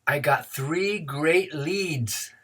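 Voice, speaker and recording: A man's voice: fairly high pitch, drawn-out words, pushed and bright, slight background noise, voice pushed up, full character voice. A man voicing a nervous teenage boy confessing to a priest, anxious and evasive. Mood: pleading.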